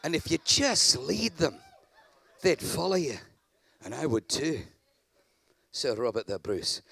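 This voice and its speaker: Gravelly high-voiced preacher, dramatic swings. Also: male voice, very animated, measured pace, long pauses, no echo. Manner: dramatic, swings from shouting to low asides, acts out characters. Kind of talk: sermon.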